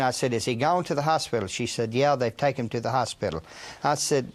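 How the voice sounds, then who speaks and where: A man's voice: mid-range voice, lively intonation, brisk. An older man recalling events in a documentary interview, hesitant and full of small asides. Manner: hesitant, many fillers and trailing asides.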